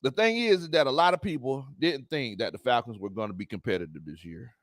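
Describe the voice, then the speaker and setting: A man's voice: medium pitch, lively intonation, fairly quick, no echo, clean studio sound. A man hosting a live sports chat, reading viewer comments, teasing his audience and laughing often. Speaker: sports talk host.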